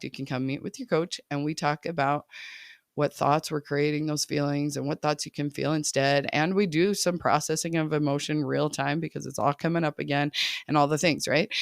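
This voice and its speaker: Chatty woman coach with a gravelly edge. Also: sits low, dry recording, clean studio sound. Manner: chatty, laughs often, asks listeners "right?". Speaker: life coach podcast host. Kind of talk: casual podcast monologue.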